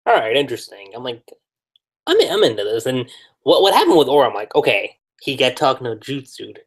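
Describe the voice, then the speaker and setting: Male podcast guest, pitch that swings up and down a lot, easygoing and expressive. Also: fairly quick, slightly rough. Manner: expressive, laughs at own remarks. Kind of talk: casual podcast chat.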